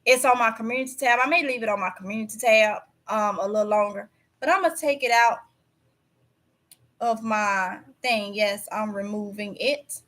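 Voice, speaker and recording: A woman's voice: mid-range voice, normal speed, a bit bright. A woman hosting a casual livestream, preachy and emphatic, repeating words for stress. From Mississippi. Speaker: YouTube channel host.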